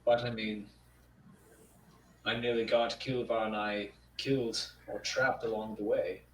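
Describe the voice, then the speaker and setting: A man with a lowish, flat, unhurried voice plays a character in a tabletop role-play, rambling hesitantly through many fillers. The sound is roomy and far off, with a little background noise.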